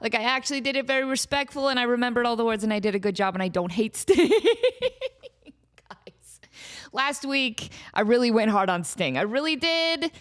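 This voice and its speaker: A woman's voice: a little high, animated, normal speed, soft background music. A woman in her thirties hosting a casual solo comedy podcast, chatty and self-deprecating, often breaking off mid-thought. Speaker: podcast host.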